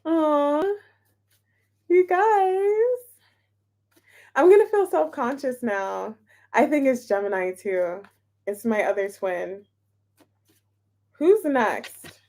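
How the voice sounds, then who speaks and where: A woman's voice: high voice, expressive, takes it slowly, pauses often, mellow. A woman hosting a tarot livestream, chatting casually and giggling as she greets viewers by name.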